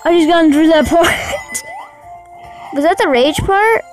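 A woman doing let's-play commentary, excitable and easily frustrated, talking to her viewers as she plays. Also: extremely high pitch, slow pace, faint music behind, low-quality recording. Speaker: gaming channel host.

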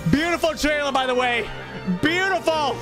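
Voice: sits high, normal speed. A streamer reacting live to a game trailer, awed and breathless. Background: trailer music.

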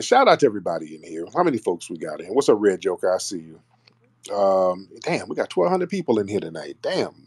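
A man's voice: lowish voice, darkish tone, husky, dry recording. A man hosting a live call-in stream, talking in a brash, mocking way with blunt slang. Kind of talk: casual live call-in banter.

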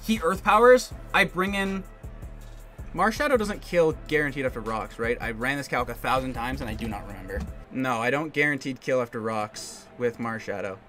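A man commentating his own competitive game match, thinking aloud in quick bursts and getting excitable. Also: medium pitch, faint music behind. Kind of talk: live gameplay commentary.

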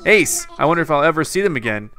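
A man's voice: fairly high pitch, big pitch swings, fast, bright, forceful tone, faint music behind, pitched above the performer's own voice. Man voicing a chipper bird villager. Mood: cheerful. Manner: chatty and cheerful.

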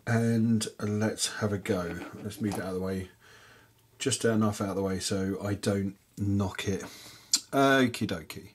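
A man hosting a casual miniature-painting tutorial, rambling with lots of fillers and muttering softly to himself as he paints, chewing peanuts as he talks. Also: lowish voice, fairly even intonation, measured pace, a little hiss or hum. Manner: rambling, chatty, many fillers; chewing peanuts while talking. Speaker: miniature painting hobby channel host.

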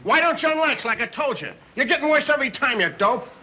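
A man playing an impatient coach who scolds his pupil in a shrill voice, on a dull 1930s film soundtrack. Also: lively intonation, quick pace, a little hiss or hum. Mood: exasperated.

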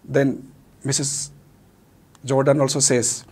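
A male teacher with a Manipuri accent walks through a play, switching between Meitei and English and stopping to gloss words. His voice is husky at an ordinary middle pitch. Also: level tone, slow, a little mellow. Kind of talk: explaining a play in a recorded lesson.

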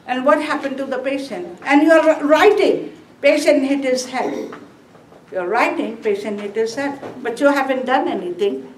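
A woman's voice: high-pitched, moderate pace, a little hiss or hum. A woman teaching a nursing exam review class, asking the students questions and repeating key terms. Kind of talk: classroom lecture. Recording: echoey classroom from a distant mic.

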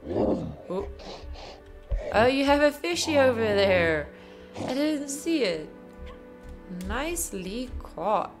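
Slow-talking woman cooing over a game. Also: on the high side, wildly swooping pitch, music in the background. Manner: tender, emotional reactions to the game; cooing at a bear, swearing under her breath. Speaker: gaming video host. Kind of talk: casual let's play commentary.

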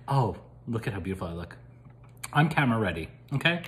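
A man's voice: fairly low pitch, very animated, fast, a bit bright. A man co-hosting a casual vlog, playful and jokey, laughing often as he gets his makeup done. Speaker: vlog co-host getting a makeup demo. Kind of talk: joking casual chat.

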